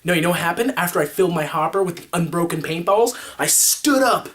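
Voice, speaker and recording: A man vlogging, telling a story casually to the camera, rambling and animated, making his own sound effects. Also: fairly high pitch, fast talker.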